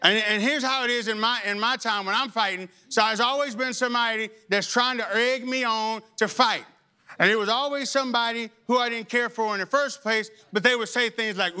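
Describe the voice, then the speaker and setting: Man, pastor, sermon, very high voice, bright tone, animated and humorous. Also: a little fast, clear, resonant tone.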